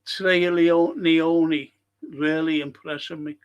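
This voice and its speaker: A man hosting a live football watchalong, reading chat messages aloud and answering them in a blunt, sweary, quick-tempered way. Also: on the high side, little pitch movement, clean tone, lo-fi sound.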